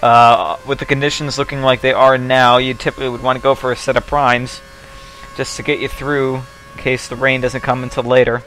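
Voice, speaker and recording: A man's voice: mid-range voice, level tone, brisk, fairly bright tone, a little hiss or hum. A young man giving casual, rambling commentary over a racing video game, joking and swearing as he goes. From United States.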